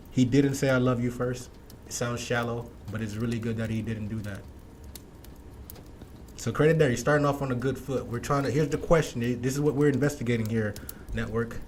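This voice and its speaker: A man's voice: medium pitch, slight background noise. A man hosting a casual reaction commentary, blunt and wry, talking slangily to his viewers. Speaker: commentary host.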